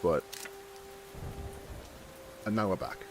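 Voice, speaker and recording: A man's voice: slow, a little hiss or hum. A man streaming a game, chatting and joking while testing a mock British enunciation. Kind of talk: gaming livestream commentary.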